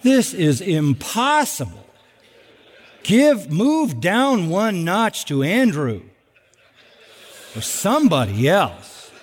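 Middle-aged male pastor, lively sermon delivery, slightly high voice, long hall reverb. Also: slow pace, pauses often, a little hiss or hum. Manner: animated, with sarcastic asides and acted-out quotes.

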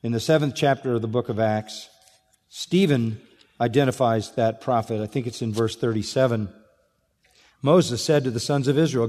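Male preacher, mid pitch, expository sermon in a big sanctuary with a long echo, dynamic between hushed and emphatic. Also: normal speed. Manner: shifts between quiet intensity and raised emphatic delivery. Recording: long reverb of a large hall.

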